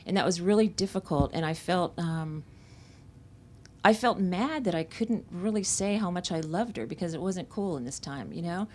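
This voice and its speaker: A woman's voice: lowish voice, animated, normal speed, darkish tone. A woman from Central Florida, an author at a bookstore event, telling candid, reflective stories about her memoir. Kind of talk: conversational book talk.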